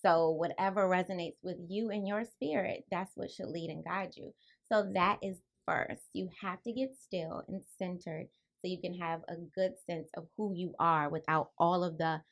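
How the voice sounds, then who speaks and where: A woman with a soft, quiet voice, calmly explaining her ideas as an author guest on a radio talk show. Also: vocal fry. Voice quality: soft, low-volume voice. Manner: calm, spiritual, unhurried explaining. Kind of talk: radio interview answers.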